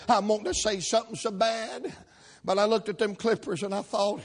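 A man, a preacher telling a folksy story in a sermon, with sudden shouted peaks. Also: sits high, steady tone, a little fast.

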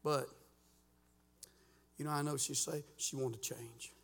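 A man preaching a sermon as pastor in a church, folksy and fervent, peppering his talk with "uh" and rising to shouts. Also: mid-range voice, steady tone, measured pace, creaky, husky, in a large hall. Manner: folksy preaching with frequent "uh" fillers. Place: church sanctuary.

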